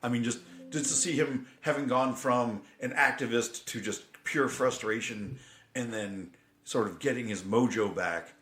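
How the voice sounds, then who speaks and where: A middle-aged man co-hosting a podcast, chatting casually and reflectively, getting animated when he recounts film scenes. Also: medium pitch, unhurried. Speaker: podcast co-host. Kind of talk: casual chat. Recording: roomy echo.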